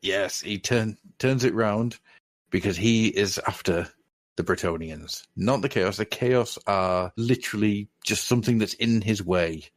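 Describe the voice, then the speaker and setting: Man, podcast co-host, low-pitched, dry close sound, enthusiastic. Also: a little slow, no room sound. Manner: enthusiastic, laughs often. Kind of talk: casual chat.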